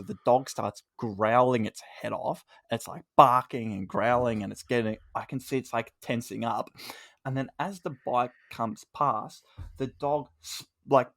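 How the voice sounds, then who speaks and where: A man's voice: medium pitch, a bit bright, dry recording, clean studio sound. A man co-hosting a comedy podcast, telling a story casually and acting out the lines he quotes. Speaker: podcast co-host.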